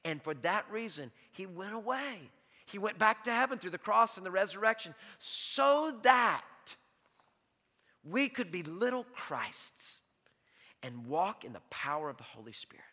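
A man's voice: sits high, big pitch swings, unhurried, pushed and bright, in a large hall. A man preaching a sermon as pastor, emphatic, repeating key words and putting questions to the congregation. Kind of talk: sermon with storytelling and Bible teaching.

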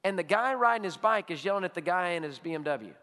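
Animated high-voiced preacher man. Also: fast, in a large hall. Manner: storytelling, animated, drops to a hush for emphasis. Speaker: pastor. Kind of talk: sermon. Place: church sanctuary.

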